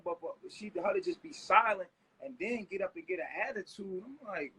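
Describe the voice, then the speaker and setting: A man ranting on a live stream, agitated and profane, now and then breaking into shouts. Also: sits high, very animated, fairly quick, slightly rough, low-quality recording. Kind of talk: heated live stream rant.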